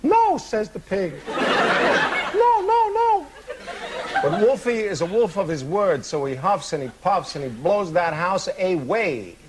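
A man's voice: a little high, animated, normal speed, hardly any pauses, background noise. A man doing stand-up, telling a fairy tale with sarcastic asides before a laughing audience. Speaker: comedian. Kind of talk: stand-up comic storytelling. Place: comedy stage. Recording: loud live audience laughter.

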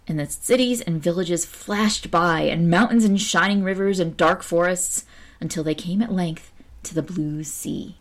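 A woman reading an old folk tale aloud in a measured storytelling manner. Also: fairly low pitch. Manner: measured, lightly archaic narration.

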